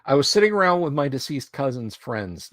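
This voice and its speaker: A man chats on his own stream, loose and rambling, often stopping mid-thought to pause and start over. His voice sits in an ordinary middle pitch. It is recorded dry and close, with almost no room sound. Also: very animated, a bit bright, no room sound. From Alabama, US South. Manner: rambling and conversational, with frequent pauses and restarts. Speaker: streamer host. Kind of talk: casual livestream chat. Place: home studio room.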